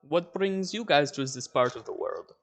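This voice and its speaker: A man narrating a tabletop role-playing game as game master, laughing often and adding quick, loose asides. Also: fairly high pitch, expressive, gravelly.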